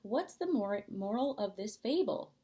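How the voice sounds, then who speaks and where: A woman voicing a kind, patient teacher in a storybook reading, speaking in a gentle, teacherly way. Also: on the high side, lively intonation, unhurried. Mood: encouraging.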